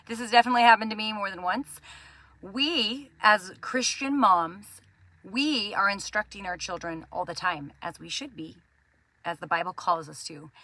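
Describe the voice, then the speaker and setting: A woman in her thirties gives an earnest devotional talk to other mothers, gentle and encouraging in tone. Her voice is bright with some edge to it, recorded close and dry. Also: mid-range voice, dry recording. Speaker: Christian parenting host.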